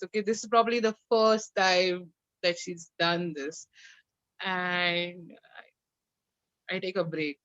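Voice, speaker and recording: A woman guest, a mother and coach, telling a personal story in a candid conversation over a video call, animated and acting out dialogue. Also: fairly low pitch, no echo. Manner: animated, recounts with acted-out dialogue and laughs. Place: home. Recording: slightly dull lo-fi sound.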